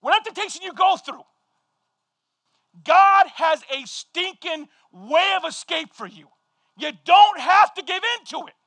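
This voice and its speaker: High-voiced animated male pastor preaching. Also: dry recording. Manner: animated storytelling, shouting at peaks, quick asides. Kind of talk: sermon.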